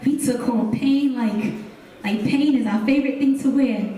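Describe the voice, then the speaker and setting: A young woman delivers spoken word poetry with a mellow, warm tone. She speaks in rhythmic repeated refrains, draws the audience into call-and-response, and builds to intense, loud gasps and cries. Her voice sounds distant in a very echoey room. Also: high-pitched, moderate pace, soft background music. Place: hotel event stage, live audience.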